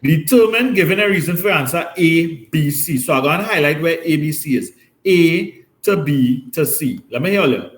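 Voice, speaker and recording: A man's voice: on the high side, lively intonation, moderate pace. A man teaching a maths class, explaining step by step and often checking with "right?". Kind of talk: classroom lesson. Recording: roomy classroom echo.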